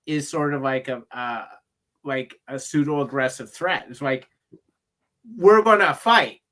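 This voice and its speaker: A man chatting casually as a guest on a livestream, relaxed and laughing along. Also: medium pitch, a little slow. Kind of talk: casual chat.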